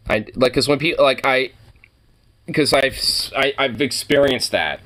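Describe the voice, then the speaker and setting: Medium in pitch and moderate in pace, this Oregon man's voice sounds pushed and bright. He hosts reaction videos, giving rambling, casual commentary full of profanity and frequent laughter.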